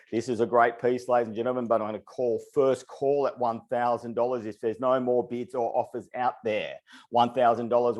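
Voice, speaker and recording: A male auctioneer running a charity auction over a webinar, rattling through bids in a rhythmic, repeating patter. His voice sits at an ordinary middle pitch, and he sounds a little out of breath from the pace. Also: darkish tone. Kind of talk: rapid charity auction calling. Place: online webinar.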